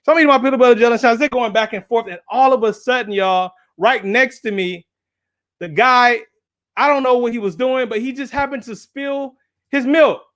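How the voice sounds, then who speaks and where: A man with a strikingly high voice gives a guest talk, animated and chatty. He keeps turning to the crowd with "right?" and "y'all", and he acts out the people in his story with small put-on voices. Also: brisk. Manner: animated, speaks straight to the audience with "y'all" and "right?". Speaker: guest speaker and engineer. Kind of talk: lively storytelling talk at a symposium.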